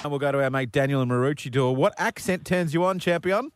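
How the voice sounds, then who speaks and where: A man's voice: fairly high pitch, clear, resonant tone, dry recording, studio quality. Joking radio host man. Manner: joking, teasing, quick patter. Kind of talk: casual radio banter.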